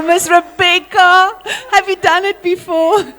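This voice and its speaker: A woman's voice: very high-pitched, level tone, takes it slowly, fairly bright tone. A woman with a South African accent leading a school assembly, talking energetically and playfully as she calls out to pupils.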